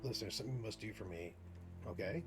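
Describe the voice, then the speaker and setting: A man's voice: lowish voice, quick pace, music in the background, lightly acted. A man reading out a scheming, wounded prison guard from a game in a hammy put-on accent. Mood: confiding. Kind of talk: reading game dialogue aloud.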